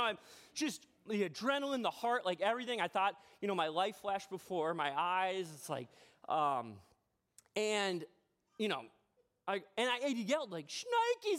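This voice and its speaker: Animated high-voiced male pastor. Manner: animated, chatty, self-deprecating humor. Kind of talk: casual storytelling sermon. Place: church sanctuary.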